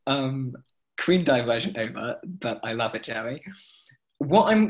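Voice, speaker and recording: Male chant teacher on a video call, keen and chatty, slipping into short sung phrases. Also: medium pitch. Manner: enthusiastic, breaks into sung chant examples. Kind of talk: online class teaching.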